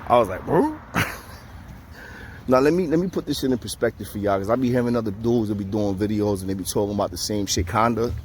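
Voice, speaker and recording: A man with a fairly low pitch talks fast with few pauses as he recounts time in jail to the camera. He performs the quoted voices animatedly, using casual, profane street slang, over a little hiss or hum.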